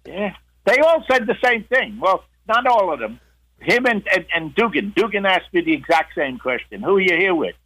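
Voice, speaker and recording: A man's voice: sits high, sing-song, moderate pace, fairly bright tone, low-quality recording. Older man spinning a rambling yarn. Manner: rambling, with many restarts and acted-out quotes. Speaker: guest, veteran storyteller. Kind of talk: casual storytelling.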